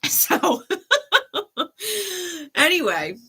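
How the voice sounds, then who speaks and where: Woman, tarot reader on a live stream, bright voice, casual and chatty, laughs easily. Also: very high-pitched, very animated, extremely slow. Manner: casual, chatty, laughs often, frequent "right?". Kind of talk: live-stream reading and chat.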